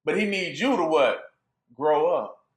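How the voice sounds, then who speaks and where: A man teaching scripture in a loose, joking sermon with a high, lively voice that swings up and down. He asks his listeners to fill in the words, and the room around him echoes. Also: a little slow. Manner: call-and-response questions, joking, laughing. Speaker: bible teacher. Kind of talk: informal sermon.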